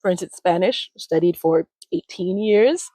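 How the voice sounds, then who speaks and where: A woman in her forties being interviewed, telling animated stories and acting out quoted voices. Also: on the low side, unhurried, slightly rough, no echo. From United States. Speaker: language retreat founder, interview guest. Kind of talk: conversational interview storytelling.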